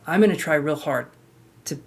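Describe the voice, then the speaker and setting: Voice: mid-range voice, normal speed, creaky. A tarot reader giving a casual live-streamed reading, chatty and talking straight to the viewer with frank asides.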